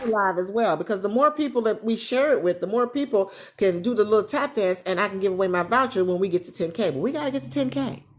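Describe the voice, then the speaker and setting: A retired woman hosting a casual livestream from her living room, chatting with viewers and reading their comments in a lively, animated way. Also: mid-range voice, fast talker, few pauses. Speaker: travel agent business coach, livestream host.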